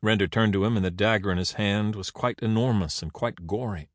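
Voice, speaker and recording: A man narrating an audiobook in an expressive, dramatic reading. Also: fairly low pitch, fairly quick, no room sound, studio quality.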